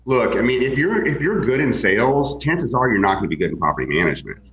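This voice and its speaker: A man's voice: medium pitch, big pitch swings, fast talker, a bit bright. A man who works as a real estate broker, telling stories as a guest in a casual interview with many fillers and restarts. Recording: echoey, dull lo-fi sound.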